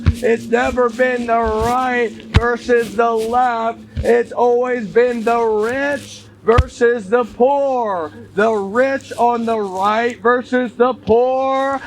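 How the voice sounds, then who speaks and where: A man giving an insistent monologue, repeating his points and often addressing listeners as "y'all". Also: very high-pitched. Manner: insistent, repetitive, keeps saying "y'all". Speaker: commentator. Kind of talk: monologue to camera. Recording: noisy recording.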